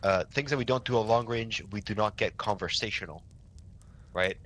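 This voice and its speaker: A man's voice: fairly low pitch, normal speed, a bit bright. A young man running a casual milsim signals training, talking loosely and swearing, with many restarts. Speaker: milsim instructor.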